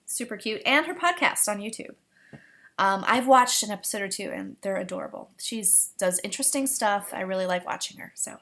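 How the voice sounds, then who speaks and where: A woman's voice: mid-range voice, animated, a little fast, a bit bright, slight background noise. A woman hosting a knitting podcast from home, chatting to the camera in a bubbly way with lots of fillers. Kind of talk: casual chat to camera.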